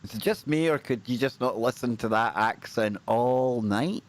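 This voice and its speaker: A man's voice: moderate pace, hardly any pauses. A man from Scotland, co-hosting a livestream in a joking, casual chat. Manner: joking, animated, swings pitch for emphasis. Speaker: podcast co-host.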